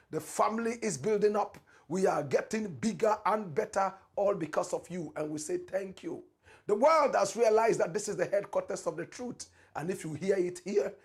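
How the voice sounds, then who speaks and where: A man's voice: high-pitched, husky. A Ghanaian man hosting a political commentary show, talking in a preacherly, dramatic way with repeated catchphrases. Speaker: show host.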